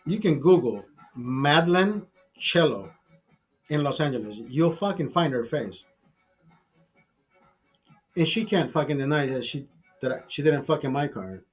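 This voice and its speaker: A man's voice: on the high side, lively intonation, a little slow, pauses often, breathy edge, faint music behind. A man hosting a livestream, telling a crude, bitter story with heavy swearing. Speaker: livestream host. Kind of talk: profane storytelling rant.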